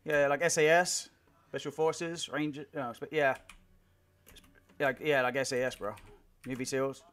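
During live shooter gameplay, a streamer with a medium-pitched, slightly bright voice and fairly even intonation talks at normal speed. He swears, trash-talks and jokes around with his squad, laughing often.

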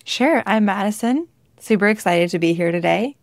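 A woman's voice: mid-range voice, animated, normal speed, creaky, no echo, studio quality. A woman speaking as a guest on a casual podcast, bubbly and playful. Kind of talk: casual chat.

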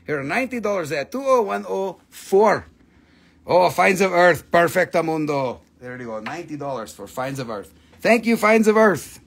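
Male live-stream host, high gravelly voice, crude jokey sales patter in broken English. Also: expressive, moderate pace, a bit bright. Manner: joking, rowdy, swears freely; broken, non-native English grammar.

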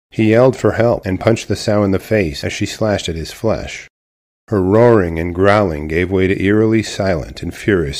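Deep-voiced male storyteller. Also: a little mellow. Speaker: narrator. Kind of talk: scripted true-story narration.

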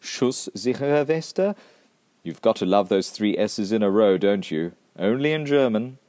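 Man in a dry mock-pedantic lesson voice, lively swooping delivery, dry close sound. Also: fairly low pitch, normal speed, no echo. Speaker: presenter. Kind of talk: scripted comic lesson.

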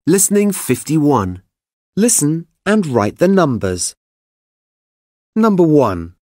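Mellow slow track announcer. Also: medium pitch, big pitch swings, dry recording, clean studio sound. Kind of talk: scripted instructions for learners.

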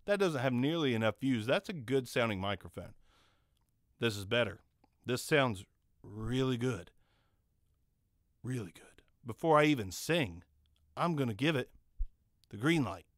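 In a dry recording from a home studio, a microphone reviewer and channel host talks through the condenser studio mic he's trying out. His mid-range voice has lively intonation, a slightly slow pace and long pauses, and his casual gear talk is rambling, jokey and self-mocking.

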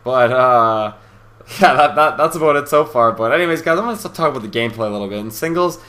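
Brash, bright-voiced young man. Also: medium pitch, fast. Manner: brash, boastful and profane; rambling, with many fillers and restarts. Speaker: gaming commentator. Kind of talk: casual gameplay commentary.

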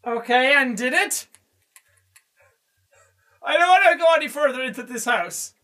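High, jumpy, swearing male gamer. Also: animated, unhurried, distant mic. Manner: jumpy, swearing, shouting when scared. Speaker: gamer playing a horror game. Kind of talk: let's play commentary.

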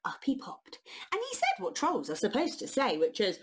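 A woman reading a children's picture book aloud, expressive and unhurried, with a breathy voice. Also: high-pitched. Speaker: children's storyteller.

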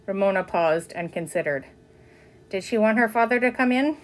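A woman reading a children's chapter book aloud, with expressive narration. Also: mid-range voice, moderate pace. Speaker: reader. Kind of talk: storybook narration.

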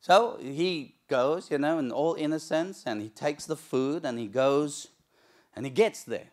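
A male pastor preaching a sermon in church, telling a story with lively, acted-out moments. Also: on the high side, measured pace. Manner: animated storytelling, acts out shouting crowds.

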